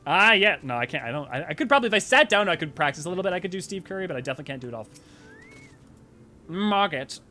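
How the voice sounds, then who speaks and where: Animated, bright-voiced male game streamer. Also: sits high, very fast, few pauses, faint music behind. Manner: animated, rambling, jokey. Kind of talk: casual let's-play commentary.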